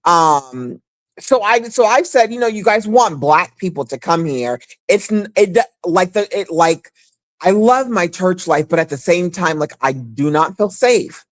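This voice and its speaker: A woman's voice: fairly low pitch, expressive, unhurried, no room sound, low-quality recording. A woman hosting a casual livestream chat, talking frankly and rambling with lots of restarts. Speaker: livestream host. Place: abroad, away from home.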